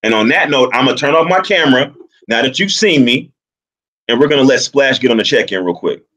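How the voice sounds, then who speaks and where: A man hosting a livestream, arguing his points in a deliberate, explanatory way. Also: mid-range voice, animated, fairly bright tone, low-quality recording. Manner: deliberate, argumentative, explains at length. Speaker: livestream host. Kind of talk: livestream commentary.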